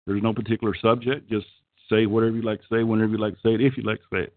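A man's voice: on the low side, level tone, very fast, dry recording. A middle-aged man with an Okie accent hosting a casual call-in chat, crude, profane and rambling. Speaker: call-in show host. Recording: tinny phone-like call line.

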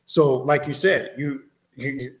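A man's voice: mid-range voice, fairly even intonation, slow, roomy sound. Rambling, swearing man on a lo-fi line. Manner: rambling, profane, with restarts. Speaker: occult author guest. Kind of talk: casual explanatory talk.

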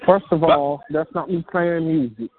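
A man's voice: on the high side, fairly even intonation, moderate pace, phone-quality sound. A brash, cursing man calling in to a phone chat line. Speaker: caller.

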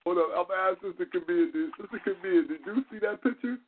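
A man hosting a call-in show, animated, laughing and greeting callers by name. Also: high-pitched, fast talker, husky. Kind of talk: casual call-in chat. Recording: phone-like lo-fi call audio.

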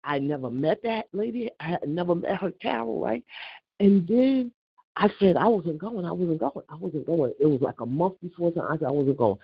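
An older woman on a casual phone call, telling an animated, indignant story and acting out the back-and-forth of what was said. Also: lowish voice, normal speed, vocal fry, slightly rough, no room sound. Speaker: caller.

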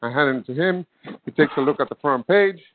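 A man's voice: a little high, animated, fairly quick, no echo. Man in his fifties, rambling storyteller, lots of fillers, dry tinny phone sound. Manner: rambling, many fillers, acts out both sides of a conversation. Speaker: caller. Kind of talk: casual storytelling. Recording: dry phone-line audio.

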